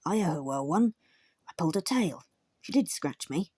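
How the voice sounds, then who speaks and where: A woman voicing a cheerful, chatty male terrier blacksmith in a storybook reading, brisk and merry. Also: fairly low pitch, lively intonation, darkish tone, breathy edge, dry recording, studio quality.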